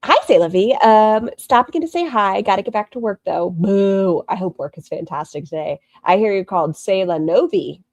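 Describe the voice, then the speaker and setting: A woman's voice: medium pitch, moderate pace, few pauses, darkish tone, no room sound. A woman making snarky reaction commentary on a video, mocking it and swearing freely. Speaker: commentary streamer.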